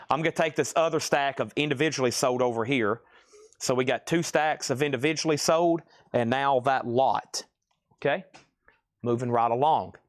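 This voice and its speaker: A man hosting a live-stream record auction, calling out items and prices briskly and often checking in with "okay?". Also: on the high side, a bit bright.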